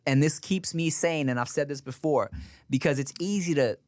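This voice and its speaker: A man's voice: on the high side, moderate pace, a little mellow, no room sound, clean studio sound. A man co-hosting a casual podcast, talking in slang and giving strong opinions. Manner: slangy, opinionated, says dog and bruh. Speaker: podcast co-host.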